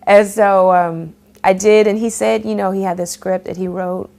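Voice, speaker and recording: A woman's voice: mid-range voice, fairly even intonation, normal speed, gravelly, warm tone. A young adult woman being interviewed as an actor, chatting casually and laughing as she tells stories and acts out quotes.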